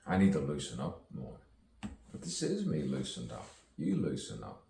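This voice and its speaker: A man's voice: extremely low pitch, huge pitch swings, normal speed, creaky, warm tone, echoey room, far from the mic, a little hiss or hum. A man, a self-styled poet, delivering a rambling stream-of-consciousness monologue full of wordplay and rhymes, chuckling to himself as he goes.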